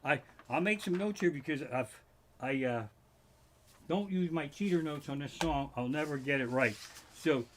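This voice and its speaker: A man's voice: fairly high pitch, normal speed, a little hiss or hum. A man doing a rambling, profane comedy monologue on a live stream from his living room. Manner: rambling, swearing, restarts and asides. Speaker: stand-up comic streaming live. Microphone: live stream microphone.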